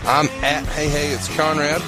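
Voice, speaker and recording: A man hosts a podcast in an upbeat, promotional way and keeps the conversation moving. His voice sits a little high. Music plays clearly beneath him. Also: flat delivery, moderate pace, low-quality recording. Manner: upbeat, promotional, steers the talk. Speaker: podcast host. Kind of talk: podcast hosting and wrap-up.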